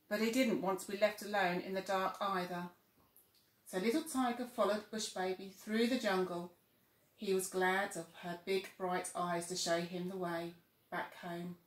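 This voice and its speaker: A woman reading a children's bedtime story aloud, soft and expressive. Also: mid-range voice, normal speed. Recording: echoey room.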